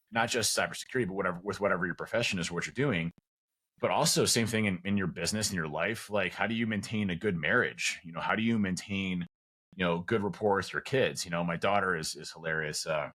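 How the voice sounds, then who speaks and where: A man talks quickly in a loose, rambling way, full of fillers and restarts. His voice is bright and forward, and he drops into little acted bits of dialogue as he goes. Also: sits low. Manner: acts out quoted dialogue. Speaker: podcast guest. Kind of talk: casual conversation.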